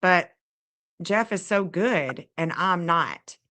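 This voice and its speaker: A woman's voice: fairly low pitch, animated, slow pace, pushed and bright. A woman receiving a reading, talking candidly and confessionally about herself in casual chat.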